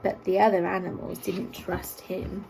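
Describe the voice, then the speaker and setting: A woman reading a children's story aloud in an expressive, sing-song way. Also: on the low side, moderate pace, creaky, slight background noise, rough recording.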